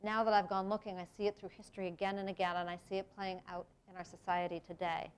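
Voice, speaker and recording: A woman's voice: lowish voice, flat delivery, fast, clean tone. A middle-aged American woman giving a reflective public talk, with earnest delivery and sudden emphatic rises. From United States. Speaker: speaker giving a presentation on race. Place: lecture room.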